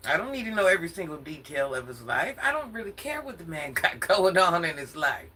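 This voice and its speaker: A woman's voice: fairly low pitch, sing-song, fairly quick, bright, forceful tone, a little hiss or hum. An older woman from Atlanta ranting casually in a sassy, confrontational vlog, often laughing as she talks. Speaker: social media commentator.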